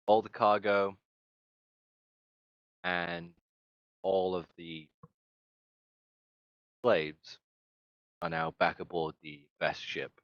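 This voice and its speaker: A man narrating as game master of a tabletop game, halting and hesitant as he describes scenes. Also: low-pitched, dry recording, muffled recording.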